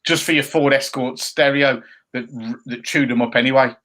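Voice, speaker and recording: A man's voice: mid-range voice, steady tone, moderate pace, fairly bright tone. A man co-hosting a casual chat show, bantering and teasing his co-host while reading viewer comments. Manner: jokey banter, playful mocking impressions.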